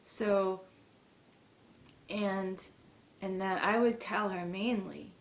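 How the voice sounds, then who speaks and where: Slow-speaking woman who stutters. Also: mid-range voice, fairly even intonation. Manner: frequent stuttering repetitions and blocks; earnest and emotional. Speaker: podcast guest, musician. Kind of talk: casual interview conversation. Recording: echoey room with faint background noise.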